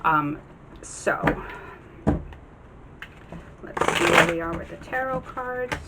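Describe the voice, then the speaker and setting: A woman's voice: lowish voice, expressive, slow pace, very noisy. A woman giving a casual tarot reading to her viewers. She talks earnestly and encouragingly, with many ums and restarts. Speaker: tarot reader.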